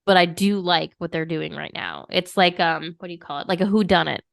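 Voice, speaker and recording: A woman's voice: on the low side, a little fast, vocal fry, no echo, studio quality. A woman co-hosting a podcast in casual chat, eager and talkative, often acting out what she and others said. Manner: chatty, eager, quotes herself and others. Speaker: podcast co-host.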